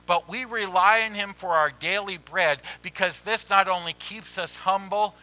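A man preaching a sermon as pastor, who drops to hushed near-whispers and rises to loud pleading. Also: sits high, normal speed, rough recording.

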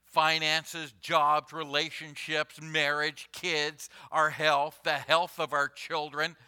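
A man delivers a sermon from the pulpit, unhurried and deliberate, circling back to repeat key phrases. His voice is strikingly bright and sits a little high for a man. He lets each point land before moving on. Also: completely flat delivery, smooth. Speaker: pastor.

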